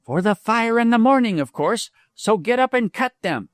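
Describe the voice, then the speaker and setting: A man voicing a bold, self-assured young woman on the trail, brisk and commanding. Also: high voice, animated, no room sound, studio quality, voice pushed up.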